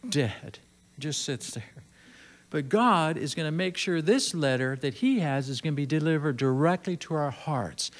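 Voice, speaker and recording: A male preacher with a slightly higher voice than most men. He delivers his sermon earnestly, circling back to repeat phrases and drawing words out when he wants them to land.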